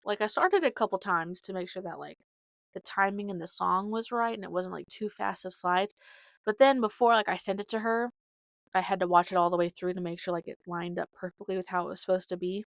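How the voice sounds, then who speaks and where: On her podcast, a young woman rambles through stories in casual chat, leaning heavily on filler words. She speaks fairly quickly in a fairly low voice with vocal fry, captured in a dry recording.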